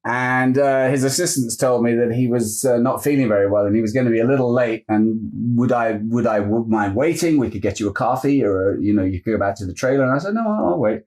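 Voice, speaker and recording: A man in a casual interview, animated as he tells his anecdotes. He slips into other people's voices along the way. His pitch sits mid-range for a man. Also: fairly quick, hardly any pauses. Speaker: guest actor.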